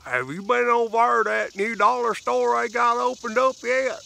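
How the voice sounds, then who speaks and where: A man's voice: extremely high pitch, moderate pace, vocal fry, bright, forceful tone, voice pushed up, heavily acted. A man doing a teenage country girl with a thick Southern drawl. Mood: deadpan.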